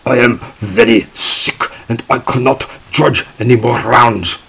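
A man's voice: mid-range voice, fairly even intonation, unhurried, vocal fry, a bit bright, husky, full character voice. A man imitating a woman who plaintively claims in a heavy German accent that she is sick and weak.

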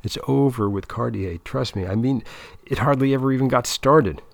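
A man's voice: medium pitch, normal speed, vocal fry, dry recording, lightly acted. A man voicing a nervous young man who talks in an earnest, hesitant, blurting way.

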